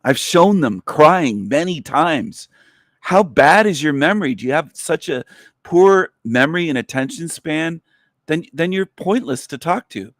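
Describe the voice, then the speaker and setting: A man's voice: a little high, lively intonation, measured pace, a bit bright, no echo, studio quality. A man hosting a livestream, scolding his viewers in an irritated, profane rant. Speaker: livestream host.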